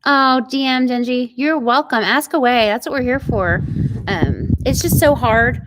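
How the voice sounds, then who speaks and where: A woman's voice: a little high, a little slow, background noise. Chatty Oklahoman woman on a ranch. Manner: chatty, greets viewers by name with bright bursts of enthusiasm. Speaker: ranch channel host reading live chat. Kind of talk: casual live-stream chat. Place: outdoors on a ranch.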